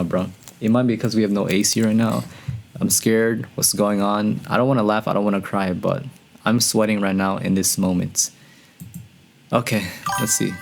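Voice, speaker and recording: A man hosting a music reaction video, talking casually and excitedly to his viewers and often breaking into higher, louder exclamations. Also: creaky. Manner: excitable, slangy, talks to viewers as "bro".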